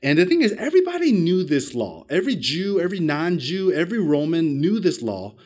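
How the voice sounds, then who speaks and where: In a sing-song voice at a slightly fast clip, a male pastor tells a personal story during his sermon, swinging widely in pitch and volume. He jokes at his own expense and quizzes the congregation.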